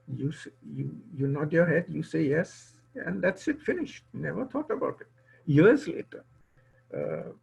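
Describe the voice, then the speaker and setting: A guest speaker at an online event, an older man originally from India, shares a personal story by quoting what people once said to him. The video-call recording carries his high, creaky, husky voice.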